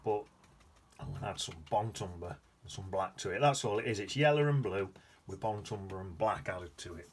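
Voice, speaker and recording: A man's voice: on the low side, fairly quick, slight background noise. A man giving a casual watercolour painting demonstration, rambling along with muttered asides to himself. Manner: chatty, rambling self-talk with muttered asides. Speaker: painting teacher.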